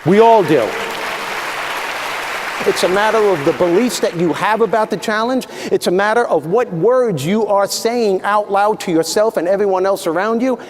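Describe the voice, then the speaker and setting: A man giving a stand-up style motivational talk, animated and acting out voices for laughs. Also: sits high, moderate pace, a faint crowd, slight background noise. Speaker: motivational speaker. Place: large hall with audience. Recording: live hall recording with reverb.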